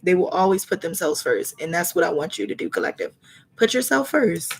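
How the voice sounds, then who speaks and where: A woman's voice: on the low side, sing-song, brisk, husky. Preachy, colloquial woman tarot reader. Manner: earnest, preachy, colloquial, acts out little scenes. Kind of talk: live tarot reading, motivational talk.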